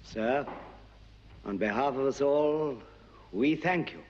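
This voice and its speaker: A man's voice: mid-range voice, slow, a little hiss or hum, close to an everyday voice. An actor playing a formal, deferential male attendant in a 1960s TV drama. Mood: courteous. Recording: dull old TV audio in a hall.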